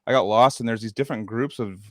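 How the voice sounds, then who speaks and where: Dude hosting a podcast, talks fast, rambly and sweary, dry mic. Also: male voice, mid-range voice, no room sound. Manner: rambling storytelling, heavy cursing, many fillers. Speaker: podcast host. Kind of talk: casual chat.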